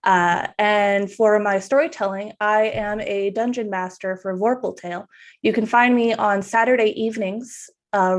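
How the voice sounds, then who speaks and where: A woman introducing herself as a player in a tabletop game stream, talking in a loose, chatty way. Her voice sits at a middling pitch. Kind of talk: casual introduction chat.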